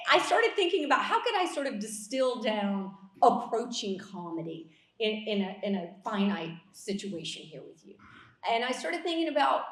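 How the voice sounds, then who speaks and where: A woman from South Carolina with a Southern accent, hosting a festival panel in a lively, emphatic way that keeps checking in with the audience. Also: on the high side. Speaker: panel host. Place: festival venue. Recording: roomy hall sound.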